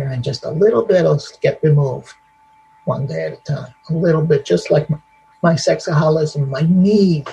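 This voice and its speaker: A man speaking at a recovery meeting in a high, gravelly voice. He talks bluntly and repeats himself for emphasis, laughing at his own story. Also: dark tone, dull audio. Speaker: meeting member sharing.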